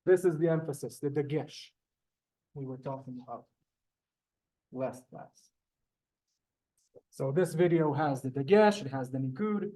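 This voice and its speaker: A man's voice: fairly high pitch, unhurried, pauses often, mellow. A man teaching a live beginner Hebrew class in a synagogue classroom, polite and chatty, often calling students "sir". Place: synagogue classroom, also streamed on Zoom.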